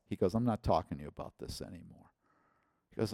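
A man preaching a personal testimony, his voice swelling loud when he quotes others. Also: deep voice, lively intonation, fairly quick, creaky, no room sound, clean studio sound. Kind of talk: sermon testimony.

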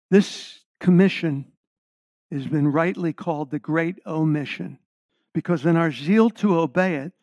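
A man's voice: on the high side, a little mellow, no echo. A middle-aged man delivers a sermon in a somewhat raised voice, hitting key words hard and turning often to the congregation with questions. The recording is close and dry, with no room around it, and its sound is a little dull and muffled. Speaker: preacher.

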